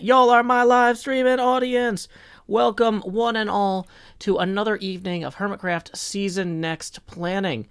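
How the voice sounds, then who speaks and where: A man's voice: high voice, clear, resonant tone. A man hosting a live stream in a casual, folksy, upbeat way, greeting viewers by name and walking them through his plans.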